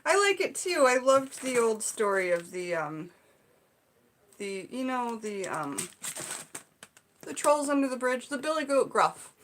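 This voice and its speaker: A woman vlogger from the Seattle area chatting to her viewers as she opens gifts, gushing, excited and full of fillers. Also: a little high, a little slow, long pauses, a little hiss or hum. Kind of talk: casual unboxing chat to viewers.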